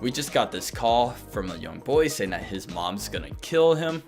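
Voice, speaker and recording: A man's voice: medium pitch, big pitch swings, normal speed, soft background music. A man voicing a police officer who reports a call in a businesslike way. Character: matter-of-fact male police officer.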